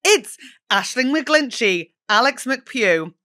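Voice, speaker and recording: A woman's voice: a little high, lively intonation, slow, bright, forceful tone. A woman hosting a podcast, chatting in a bubbly, playful way. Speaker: podcast host. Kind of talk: casual podcast chat.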